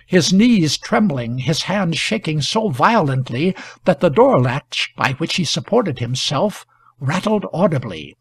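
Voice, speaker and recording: A man reading a classic short story aloud as a narrator, in measured, even storytelling. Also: fairly high pitch, slightly rough, no room sound. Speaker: audiobook narrator.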